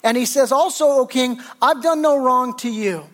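A man's voice: extremely high pitch, normal speed, a bit bright. A male pastor preaching a sermon in an earnest, conversational way, often restarting his sentences.

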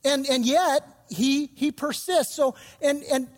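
A man's voice: very high voice, slow pace, big-room sound. A man pastor giving a sermon, retelling scripture in casual, slangy storytelling.

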